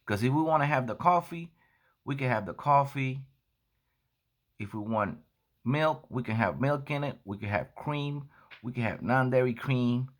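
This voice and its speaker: A man who sells coffee, telling a story in a casual monologue and acting out the dialogue as he retells it. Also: mid-range voice. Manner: unhurried, acts out dialogue in his retelling. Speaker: coffee seller and vlogger.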